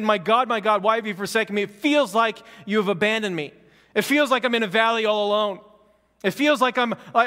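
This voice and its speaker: A man's voice: high-pitched, pushed and bright, in a large hall. A man preaching a sermon as a pastor, talking conversationally and repeating phrases with growing fervor. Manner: conversational, fervent preaching with repetition.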